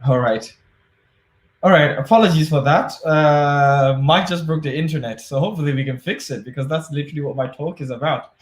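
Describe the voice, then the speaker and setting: A man's voice: a little high, brisk. Chatty man giving a tech talk, echoey. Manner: chatty, jokey, upbeat. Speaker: conference speaker. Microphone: video call.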